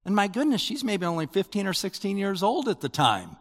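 Animated older man preaching in a hall. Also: sits high, brisk, few pauses. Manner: animated, conversational preaching with rising emphasis. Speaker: pastor. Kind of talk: sermon.

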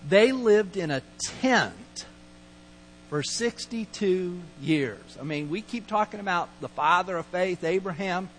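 High-voiced man preaching in a reverberant hall. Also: lively intonation, a little slow, a bit bright. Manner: storytelling, conversational, acts out quotes. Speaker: pastor. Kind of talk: sermon. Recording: long hall reverb, mains hum.

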